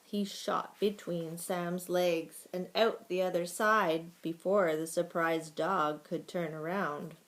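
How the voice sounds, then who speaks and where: A woman reading a children's book aloud in a slow, steady storytelling manner. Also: fairly low pitch. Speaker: reader.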